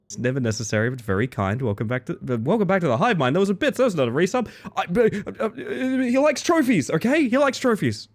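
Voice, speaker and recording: A man live-streaming a game, chatting playfully with viewers, giggling and jumping into silly squeaky bits. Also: big pitch swings, normal speed. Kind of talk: live-streamed gameplay chat.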